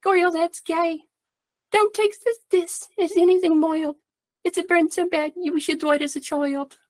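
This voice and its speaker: A man voicing a ditzy young woman with an exaggerated New York accent, reciting a comic poem in a slow, sing-song way. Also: very high-pitched, steady tone, no echo, voice pushed up. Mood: sweetly taunting.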